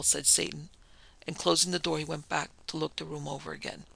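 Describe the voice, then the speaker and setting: A man narrates a story in a steady, matter-of-fact way, his voice strongly gravelly and tense. His pitch sits a little high for a man and barely moves. The recording is dry and close. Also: fairly quick, dry recording. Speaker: audiobook narrator. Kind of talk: storybook reading of a pulp detective tale.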